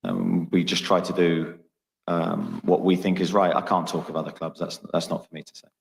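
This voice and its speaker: Deep, flat-voiced man answering press questions carefully, echoey room with long reverb. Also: creaky. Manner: measured, guarded, hesitant. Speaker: football club manager. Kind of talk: press conference.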